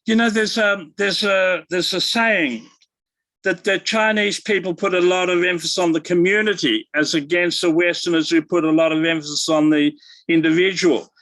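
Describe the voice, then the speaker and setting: An older male academic answering interview questions in a halting, thoughtful way, with many fillers and restarts. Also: high voice, steady tone, fairly bright tone, dry recording, poor audio. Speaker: guest academic.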